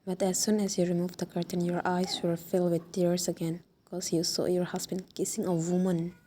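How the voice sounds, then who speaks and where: A woman narrating a second-person fan fiction story, reading slowly and softly and sometimes dropping to a whisper. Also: fairly low pitch, little pitch movement, slight background noise. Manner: slow, soft, at times whispered.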